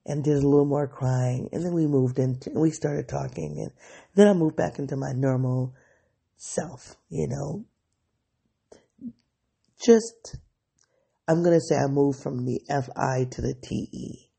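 Podcast host, candid diary monologue, thinking aloud; gravelly, dark delivery. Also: medium pitch, measured pace, pauses often. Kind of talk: reflective solo diary podcast.

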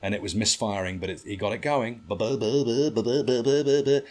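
Very deep-voiced man telling a story. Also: quick pace. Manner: animated, swearing, acts out others' lines. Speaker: storyteller guest. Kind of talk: casual anecdote on a podcast.

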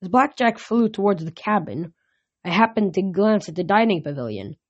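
A woman's voice: mid-range voice, expressive, moderate pace, breathy edge, lo-fi sound. A woman reading a first-person novel aloud, unpolished, often restarting and correcting words. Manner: unpolished, frequent restarts and slips.

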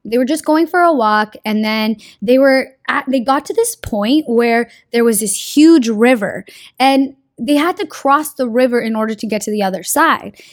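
A woman's voice: a little high, no room sound, clean studio sound. A young woman talking casually and earnestly about a card of the day, with slang and swearing. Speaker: card reading vlogger. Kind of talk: casual spiritual advice monologue.

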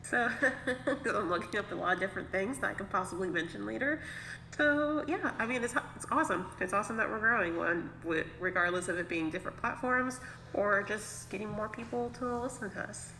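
Female podcast co-host, bright jokey delivery, echoey room. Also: mid-range voice, lively intonation, a little fast. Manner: jokey, rambling, self-deprecating. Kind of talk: casual chat. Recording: echoey room, faint noise.

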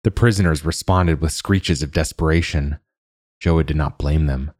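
Very deep-voiced man narrating. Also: moderate pace, a little mellow, no room sound, clean studio sound. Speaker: audiobook narrator. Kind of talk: dark fantasy storybook narration.

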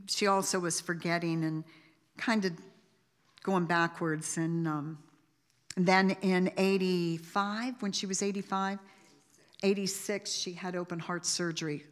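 A family member, a woman with a lowish, slightly bright voice, gives a heartfelt eulogy. She speaks haltingly and rambles, with many restarts and fillers, and the long reverb of a large hall surrounds her.

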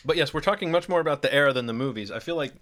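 A man's voice: on the high side, rapid-fire, fairly bright tone. Jokey male podcast host. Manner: jokey, reads lists aloud with mock disbelief. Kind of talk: casual podcast chat.

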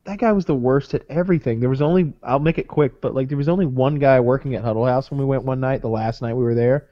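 A podcast co-host tells a rambling, profane story in casual chat, retelling it animatedly. He speaks quickly at medium pitch, and the recording has no echo but a slightly dull, lo-fi sound.

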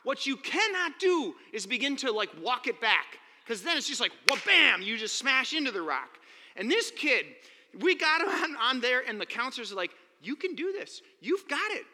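A man gives a sermon, telling stories with animation and playing out each quote. His voice sits high and sounds very bright. It rings with a long reverb from a large hall. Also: moderate pace. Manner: animated storytelling, acting out quotes.

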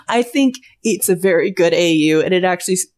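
A woman's voice: fairly low pitch, expressive, moderate pace, darkish tone. A young woman in easygoing podcast chat. She talks loosely, packs in fillers, and swears without a second thought. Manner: chatty, swears freely, many "like" fillers. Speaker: podcast co-host. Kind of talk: casual chat.

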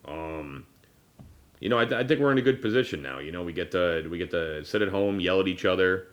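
This thirtysomething podcast host has a low-sitting voice and a fairly quick delivery. His talk is casual and personal, full of rambling, fillers and false starts, with moments where emotion catches in his throat.

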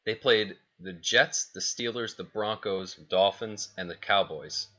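A man's voice: lowish voice, a little slow, pushed and bright. A man co-hosting a sports podcast in casual, opinionated chat, running through team stats. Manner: chatty, opinionated, rattles off stats. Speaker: podcast co-host. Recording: dull lo-fi podcast audio.

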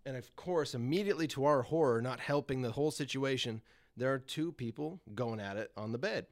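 Male podcast guest, middle-pitched, animated and sweary, breaks into laughs. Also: fairly quick. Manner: profane, animated, laughs often. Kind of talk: casual storytelling.

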